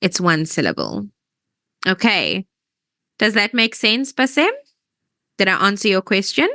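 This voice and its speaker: A woman's voice: medium pitch, wildly swooping pitch, unhurried, bright, forceful tone, no echo. A woman teaching English grammar in an online lesson, explaining patiently step by step and often checking that students follow.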